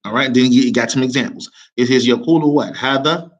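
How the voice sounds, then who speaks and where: Quick-talking American man teaching a class. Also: mid-range voice, highs cut off. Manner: lively, mixes English with Arabic reading, checks understanding often. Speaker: Arabic teacher. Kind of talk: classroom lesson.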